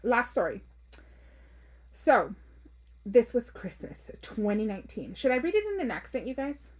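Woman in her 30s, kinda husky, higher voice, chatty blunt host who cusses and throws in spanish. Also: lively intonation, normal speed. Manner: chatty and blunt, swears, mixes in Spanish phrases. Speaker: podcast host reading listener stories. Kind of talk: casual chat.

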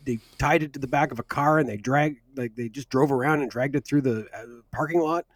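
A man's voice: medium pitch, fairly quick, dry recording, studio quality. A man co-hosting a podcast, chatting casually about a film in a rambling way, correcting himself and swearing offhandedly. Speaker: podcast co-host.

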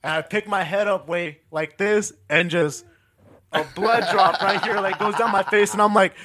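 A man's voice: high voice, fairly even intonation, normal speed, a crowd in the background. A young man co-hosting a podcast, telling a story in casual chat, swearing a lot and acting out quotes with laughter. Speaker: podcast co-host.

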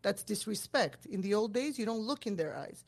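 A woman in her forties, telling personal stories as an interview guest in a quick, expressive way, switching between English and Armenian. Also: mid-range voice. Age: 40s. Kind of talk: candid personal storytelling.

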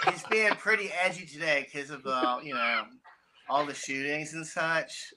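A man guesting on a comedy podcast, trading crude deadpan jokes and laughing often. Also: a little high, moderate pace, a loud crowd, poor audio. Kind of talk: casual comedy podcast chat.

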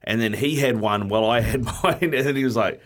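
Relaxed New Zealand co-host. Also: male voice, medium pitch, a little fast. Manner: relaxed anecdotal storyteller. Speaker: radio co-host. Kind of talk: casual breakfast radio chat.

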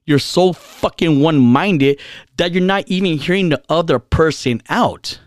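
A man's voice: fairly high pitch, a little slow, dry recording, studio quality. Heated slangy man ranting. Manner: heated, repetitive, swears a lot, slangy. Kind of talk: casual rant.

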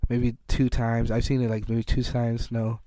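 A man co-hosts a relaxed home podcast, wandering through his sentences with likes and false starts. His voice is mid-pitched and comes across dry and close, with no room sound at all. Easygoing and unscripted. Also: normal speed, dry recording. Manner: rambling, with many likes and restarts. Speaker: podcast co-host. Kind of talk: casual chat. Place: home, playing poker while recording.

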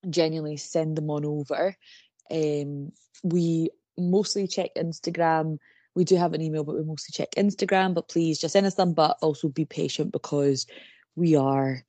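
A woman's voice: sits low, a little mellow, no room sound. A woman co-hosting a true-crime podcast, chatting casually in a rambling way and laughing often. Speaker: podcast co-host.

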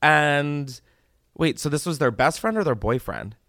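A man's voice: a little high, expressive, unhurried, fairly bright tone, dry recording. Young man, podcast host, blunt, self-mocking, swearing, dry close recording. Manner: blunt, self-mocking, swears freely, jumps into exaggerated mock voices. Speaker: podcast host answering call-in questions. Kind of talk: casual comedic advice chat.

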